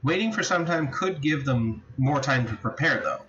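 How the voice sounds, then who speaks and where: A man's voice: expressive, moderate pace, a bit bright. A man acting as game master of a tabletop game, thinking aloud with hesitant restarts. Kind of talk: running a tabletop game session. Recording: dull low-fidelity recording with faint noise.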